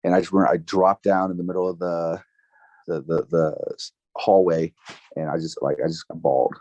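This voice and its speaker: A man in his twenties, a podcast guest, telling a personal story in a casual, halting way with many fillers and restarts. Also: deep voice, flat delivery, darkish tone, no echo, muffled recording. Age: 20s. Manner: emotional, recounting grief.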